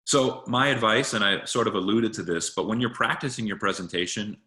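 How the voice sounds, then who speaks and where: A man with a bright, forceful voice that sits a little low, giving a casual talk on presentation skills. He speaks conversationally and often circles back to restart a phrase. His tone is that of a friendly coach sharing tips. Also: fairly quick. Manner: conversational, with frequent restarts and fillers.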